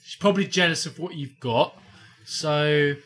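A man's voice: fairly high pitch, normal speed, fairly bright tone. A man co-hosting a casual podcast, giving blunt, matter-of-fact advice with banter. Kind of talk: casual chat.

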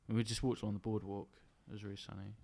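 A man's voice: fairly low pitch, level tone, very fast, vocal fry, mellow. A young man chatting casually on a podcast, rambling through stories and laughing often. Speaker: podcast host. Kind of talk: casual chat among friends.

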